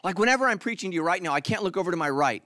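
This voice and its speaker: A man preaching a sermon as pastor, animated and joking, acting out the congregation in mock voices. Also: sits high, rapid-fire, no room sound.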